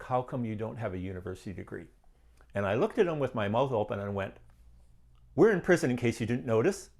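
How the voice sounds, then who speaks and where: An older man telling his personal testimony, animated, acting out the dialogue as he recounts it. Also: medium pitch, vocal fry. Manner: animated storyteller who acts out quoted dialogue and laughs often. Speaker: guest sharing his testimony.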